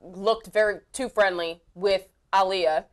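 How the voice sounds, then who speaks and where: A woman co-hosting a talk show, bantering playfully and quick to laugh. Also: medium pitch, fairly even intonation. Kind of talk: casual chat.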